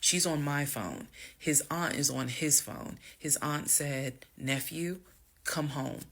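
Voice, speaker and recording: Animated gravelly woman telling a story. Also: low-pitched, slow. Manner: dramatic, animated storytelling with acted quotes. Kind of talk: storytime vlog.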